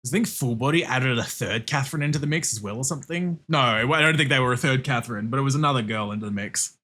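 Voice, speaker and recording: A man streaming a game and chatting casually, excitable, laughing a lot and swearing often. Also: mid-range voice, fast talker. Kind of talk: casual livestream chat while gaming.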